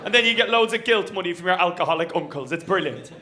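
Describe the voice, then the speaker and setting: High-voiced Irish stand-up comic. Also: male voice, lively intonation, fast talker, sharp tone. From Ireland. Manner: punchy, self-mocking, with tag lines. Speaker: stand-up comedian. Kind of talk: stand-up set. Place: comedy venue with live audience.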